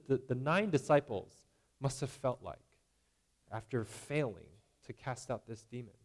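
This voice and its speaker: Man, preacher, sermon, conversational, mid-pitched, frequent "right?". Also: a little mellow. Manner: conversational, repeating "right?" and acting out imagined voices.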